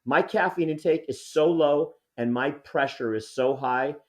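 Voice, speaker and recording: A man's voice: fairly high pitch, a little slow. 60s male podcast co-host, exasperated comic rant, rambling delivery. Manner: exasperated, rambling, mock-angry. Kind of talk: comedic rant.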